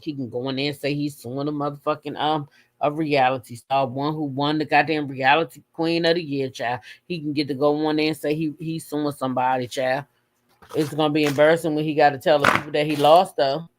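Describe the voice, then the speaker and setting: A livestream host chats with her audience during a casual gossip stream, cursing openly and letting out high shrieks as she recounts how she reacted. Her tone stays steady and her pace is fairly quick.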